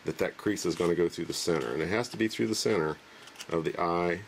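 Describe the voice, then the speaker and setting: Deep-voiced man demonstrating a trick. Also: quick pace, gravelly, a little hiss or hum. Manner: relaxed, rambling, joking. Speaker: magic trick presenter. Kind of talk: casual demonstration.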